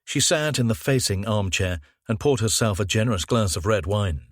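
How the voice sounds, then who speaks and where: A man with a low voice narrating a crime novel at a measured, even pace. He reads on a close microphone. The recording is very dry with no room sound. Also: dry recording. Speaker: audiobook narrator. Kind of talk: scripted narration.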